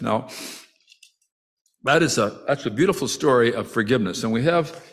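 Speaking a little fast yet leaving long pauses, this man preaches in an expressive, conversational way, his voice at a normal middle pitch. Restarts and asides crop up often, and when he voices the brothers' quoted words, the emotion builds.

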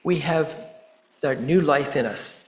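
A man preaching a sermon in a measured way, pausing deliberately and quoting scripture. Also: a little high, echoey room, poor audio. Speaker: pastor.

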